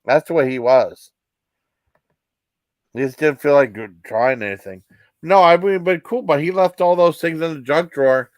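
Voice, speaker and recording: A man's voice: a little high, no echo. Rambling middle-aged man, dry close sound. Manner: halting, many restarts and fillers. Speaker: vlog host. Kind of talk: rambling personal storytelling.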